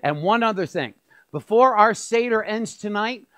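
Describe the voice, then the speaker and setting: A man leading a Passover meal as a rabbi, teaching and chatting lively with the tables. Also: high voice, normal speed, dry recording. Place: church fellowship hall.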